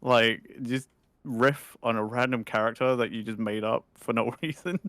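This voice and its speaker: A man's voice: mid-range voice, fairly even intonation, moderate pace, a bit bright, no room sound. A man co-streaming, laid-back and joking in casual gaming chat. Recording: hissy stream audio, spray noise.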